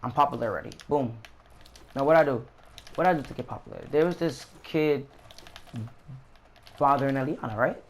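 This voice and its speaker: A young man casually telling a story about a school fight in slangy, animated street talk with swearing. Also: mid-range voice, brisk, long pauses, a little hiss or hum. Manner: slangy, animated retelling with profanity.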